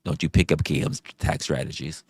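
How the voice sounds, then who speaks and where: A man hosting a live stream, ranting and arguing with chat, swearing often, firing off rhetorical questions and shouting out donors. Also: extremely low pitch, fairly even intonation, a little fast, vocal fry, husky, no echo, clean studio sound. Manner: profane, argumentative, fires rhetorical questions; reads out and thanks viewer donations. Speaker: livestream host. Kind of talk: live-stream commentary and rant.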